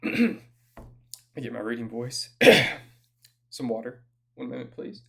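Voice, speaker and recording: A man's voice: mid-range voice, flat delivery, a little slow, gravelly. A man with a Southern US accent giving a casual solo update as an author, with a dry, self-deprecating humor.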